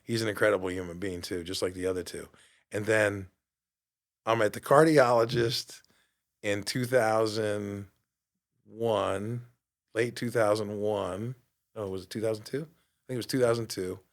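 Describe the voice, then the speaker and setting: A man in his fifties, a podcast host and fitness coach, giving an animated motivational monologue and acting out quoted voices. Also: on the low side, measured pace, long pauses.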